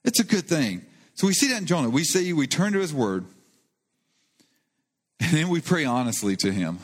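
A man's voice: a little high, very animated, normal speed, breathy edge. A male pastor giving a sermon, earnest and conversational, with rising emphasis on key points. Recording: long reverb of a church hall.

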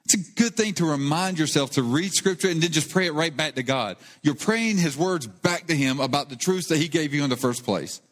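A man's voice: fairly high pitch, expressive, a little fast, few pauses, a bit bright. A male pastor giving a sermon, earnest and conversational, with rising emphasis on key points. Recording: long reverb of a church hall.

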